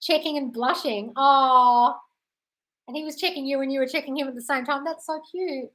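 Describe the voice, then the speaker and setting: An Australian woman hosts a casual live-stream Q&A at a rapid clip. Her voice sits a little high, and she reads out viewer comments before answering them. She swears freely and calls her viewers darling. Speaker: host answering viewer questions.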